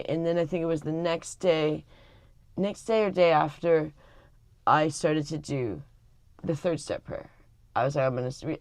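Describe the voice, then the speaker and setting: A woman's voice: low-pitched, darkish tone, no room sound. A middle-aged woman vlogging casually to camera, rambling with many fillers and restarts. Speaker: family vlogger.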